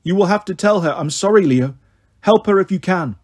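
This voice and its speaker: Man voicing an elderly great-grandfather, dreamy and tender, a little husky. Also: sits high, lively intonation, brisk, darkish tone. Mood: wistful.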